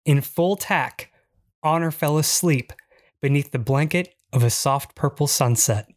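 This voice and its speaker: Deadpan memoir narrator, mid-pitch voice, super dry close mic. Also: unhurried, no room sound. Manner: dry, wry storytelling.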